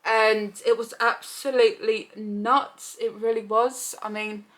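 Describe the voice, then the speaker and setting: A young woman chats through a personal story for her vlog. She talks casually and brings the tale to life by voicing the people in it. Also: medium pitch. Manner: chatty, animated retelling with quoted voices. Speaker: vlogger.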